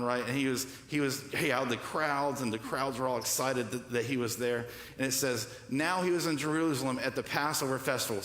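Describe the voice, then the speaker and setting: Man preaching in an echoey church hall. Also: a bit bright. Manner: call-and-response preaching, asks congregation "what?"; acts out quoted voices with shifts in pitch and pace. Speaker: pastor. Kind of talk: sermon. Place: church sanctuary.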